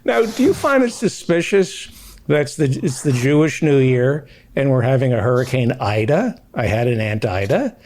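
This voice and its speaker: A man hosting a comedy talk show, moving from brisk promo patter into playful banter with his guests. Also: mid-range voice, big pitch swings, a little mellow, slight background noise. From New York City.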